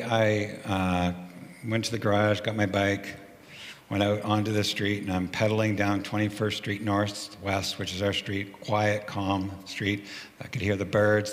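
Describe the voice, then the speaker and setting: A male pastor giving a sermon, moving from quiet prayer to relaxed, humorous storytelling. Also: fairly low pitch, in a large hall. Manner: conversational storytelling with gentle humor.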